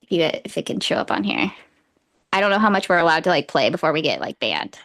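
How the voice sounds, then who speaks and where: A woman's voice: low-pitched, wildly swooping pitch, fast talker, a bit bright. A young woman co-hosting a casual book podcast, gushing and laughing often as she chats. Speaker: podcast co-host.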